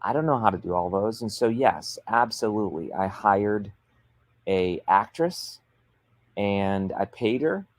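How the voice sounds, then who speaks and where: A man hosting a livestream, giving business advice in an energetic, emphatic and persuasive coaching manner. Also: fairly low pitch, measured pace, no echo. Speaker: author coach and show host.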